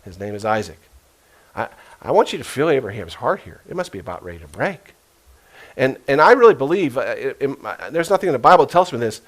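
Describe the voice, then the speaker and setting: A middle-aged man preaching a sermon as a pastor, telling stories earnestly and dropping to a hush for quoted voices. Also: medium pitch, sing-song, fast talker. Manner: earnest storytelling, emotional retellings with hushed quoted voices.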